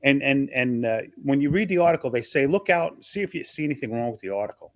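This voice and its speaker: A rapid-fire older man from Long Island tells old stories with a comedian's timing, breaking into quick character voices as he goes. His voice sounds close and dry, with no room around it. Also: mid-range voice, dry recording. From Long Island, New York. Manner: animated, acts out voices of people in his stories. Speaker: comedian guest telling stories. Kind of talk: casual storytelling interview.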